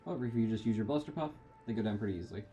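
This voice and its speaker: A man's voice: fairly low pitch, racing, dark tone, a little hiss or hum. A man giving rambling, self-deprecating commentary while playing a video game. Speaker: gamer. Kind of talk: let's play commentary. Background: faint game music.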